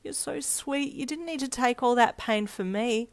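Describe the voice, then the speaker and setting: A woman's voice: fairly high pitch, expressive, fairly quick, voice pushed up, lightly acted. A woman voicing an emotional, heartfelt young woman. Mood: tearful. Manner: emphatic and heartfelt.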